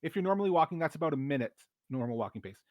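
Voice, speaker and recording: A man acts as game master for a tabletop session, describing scenes and rules in an easygoing, halting way. His voice sits a touch high for a man and sounds dry and close, with no room around it. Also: no echo. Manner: relaxed, explanatory, with hesitant fillers.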